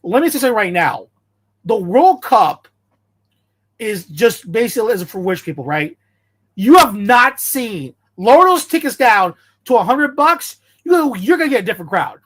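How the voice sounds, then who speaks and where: A man's voice: sits high, sing-song, moderate pace, a bit bright. Blunt, ranting American man. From United States. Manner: blunt, confrontational, repeats himself for emphasis. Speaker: commentator reacting to a video. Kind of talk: heated casual rant.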